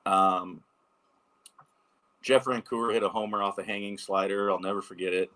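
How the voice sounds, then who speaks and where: A man in his thirties tells casual stories as an interview guest, animated and loose, with filler words everywhere. His voice sits low but has a bright, forceful edge. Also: moderate pace. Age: 30s. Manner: animated anecdotes, many fillers. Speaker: former pro baseball pitcher, guest.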